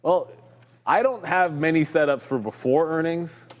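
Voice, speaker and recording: A man's voice: a little high, a little slow, big-room sound. A man co-hosting a live trading stream, chatting loosely about stocks with jokes and plenty of fillers. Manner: loose and joking, lots of fillers. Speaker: co-host of a live trading show. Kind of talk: casual market chat.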